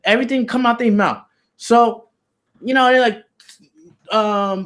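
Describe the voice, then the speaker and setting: A man's voice: high-pitched, unhurried, pauses often, a bit bright. A man being interviewed, telling a story in loose, slangy, profane casual talk with lots of "you know". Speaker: interview guest.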